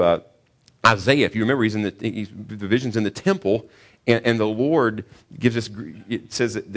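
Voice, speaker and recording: An earnest man with a fairly low voice preaching a sermon. He often stumbles and repeats words before pressing a point with emphatic questions to the congregation. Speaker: pastor.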